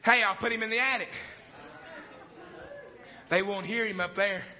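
Preacher doing a scheming, fussy grown daughter; high, bright male voice on lo-fi tape. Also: normal speed, a faint crowd. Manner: fussy, hushing. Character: scheming grown daughter hiding her pious father. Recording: dull lo-fi sermon recording.

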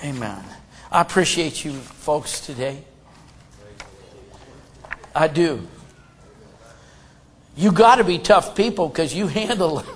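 A high-voiced male preacher in full sermon, folksy and plain-spoken. He swings from loud, shouted emphasis down to hushed asides. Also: lively intonation, slow pace, long pauses, a little hiss or hum.

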